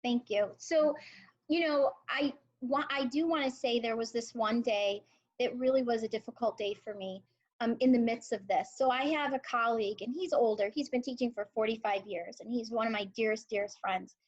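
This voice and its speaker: A woman in her forties speaks a touch higher than most, sharing stories as a guest with heartfelt, halting earnestness. The audio is dull and lo-fi, with the top end muffled. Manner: emotional, earnest storyteller with many fillers. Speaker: high school English teacher, guest. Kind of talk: conversational interview.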